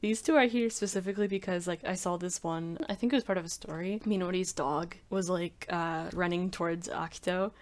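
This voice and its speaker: A woman's voice: fairly low pitch, steady tone, fairly quick, hardly any pauses. A woman rambling casually in a commentary video, filling her talk with frequent "like"s. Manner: rambling, heavy use of "like" fillers. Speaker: video creator.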